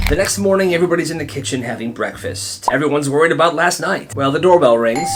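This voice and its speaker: Animated man telling comedic stories. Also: a little high, a little fast, hardly any pauses. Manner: animated, jumps between narration and character voices. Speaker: storyteller. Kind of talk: comedic storytime narration with skits. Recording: light background music.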